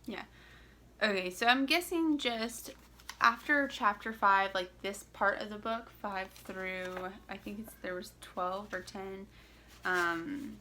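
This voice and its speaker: A woman's voice: medium pitch, takes it slowly, bright, forceful tone, a little hiss or hum. A young woman from Central Florida chatting casually to her camera, rambling with lots of fillers and restarts. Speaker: vlogger. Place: home in Florida.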